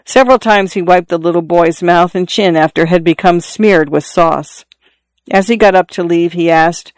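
A narrator reading a literary story aloud in a measured, even audiobook style. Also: mid-range voice, no room sound.

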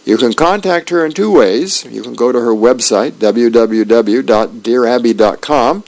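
A man's voice: mid-range voice, normal speed, darkish tone, poor audio. A man, a volunteer reader, reading the newspaper aloud on the radio with small stumbles.

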